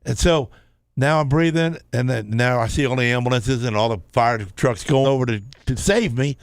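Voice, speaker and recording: A man's voice: medium pitch, animated, moderate pace, dry recording, studio quality. A man, telling a long story on a radio talk show, rambling and restarting often.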